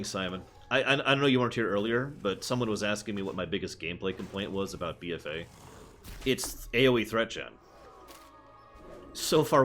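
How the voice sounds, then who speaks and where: A man streams a game and talks through it in a low voice that leaps up and down with animation. He chats casually and answers his viewers as he goes, with soft music playing underneath. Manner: animated, chatty, answers chat. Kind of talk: casual gameplay commentary.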